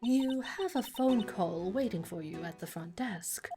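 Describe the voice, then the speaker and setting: A formal, stiff hotel bellboy, as a woman voices him. He speaks slowly and softly in a low, near-whisper. Faint music sits behind. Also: expressive, lightly acted.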